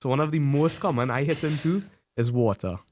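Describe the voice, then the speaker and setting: A young man from Trinidad chatting casually on a student podcast, telling stories in a relaxed way. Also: mid-range voice, fairly quick, no room sound, clean studio sound. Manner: relaxed, storytelling, mimics relatives. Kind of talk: casual chat.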